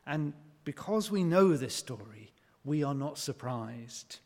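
A man preaching a sermon in a conversational way, asking rhetorical questions and pausing on fillers. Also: a little high, animated, darkish tone. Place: church. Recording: long church reverb.

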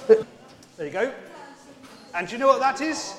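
A man's voice: very high voice, very animated, measured pace, long pauses, fairly bright tone. A man leading a playful children's talk in a large church, chatty and coaxing the kids along. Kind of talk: playful all-age church talk with props. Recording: echoey church hall with long reverb.

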